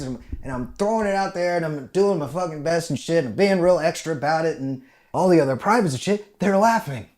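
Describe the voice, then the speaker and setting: A young man from the United States, a veteran guesting on a podcast, tells his story in a profane, animated way. His voice sits a little higher than most men's and jumps up and down in pitch and loudness as he talks. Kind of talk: casual storytelling.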